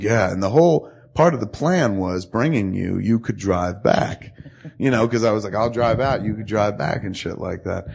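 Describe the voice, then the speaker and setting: A man hosting a podcast rambles through a story in a casual, profane way and acts out what everyone said. His voice sits fairly low, with a gravelly, husky edge. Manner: profane, animated storytelling with acted quotes. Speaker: podcast host.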